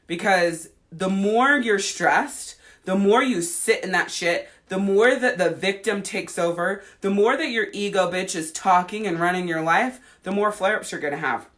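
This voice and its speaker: A woman life coach talks straight to her livestream viewers and answers their comments. Her voice is bright and forceful. She swears freely and gets right to the point. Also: medium pitch, normal speed, hardly any pauses. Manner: blunt and heavily profane, acting out quoted voices.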